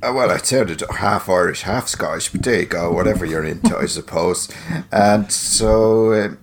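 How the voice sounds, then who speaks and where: A man's voice: deep voice, normal speed, slight background noise. A man co-hosting a podcast, chatting casually in a wry, rambling, self-mocking way. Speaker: podcast co-host. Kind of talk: casual banter.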